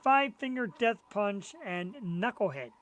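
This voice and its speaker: A man's voice: high voice, lively intonation, measured pace, a bit bright, no echo. A middle-aged man chats on a live web show as co-host. He talks about his collectible finds in a loose, enthusiastic, conversational way. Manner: chatty, enthusiastic collector talk. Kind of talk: casual live-show chat.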